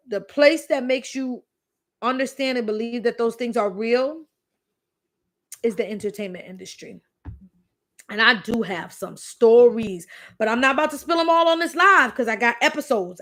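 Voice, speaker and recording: A woman's voice: on the high side, a bit bright. Chatty New woman hosting a live Q&A. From the Bronx, New York City. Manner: chatty, candid, tells anecdotes with emphatic repeats. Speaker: host. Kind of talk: live Q&A chat with storytelling.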